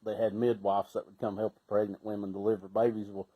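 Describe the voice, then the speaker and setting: A man's voice: fairly low pitch, flat delivery, fast, rough recording. Folksy Appalachian man telling stories. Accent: Southern Appalachian. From Southern Appalachian US. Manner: folksy, laughs often, bursts into shouting. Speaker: storyteller. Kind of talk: casual storytelling.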